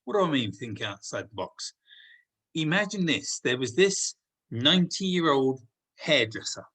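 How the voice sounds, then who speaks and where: A man hosting a meeting, telling a motivational story in a relaxed, conversational way. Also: medium pitch, unhurried, breathy edge, low-quality recording. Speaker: meeting host.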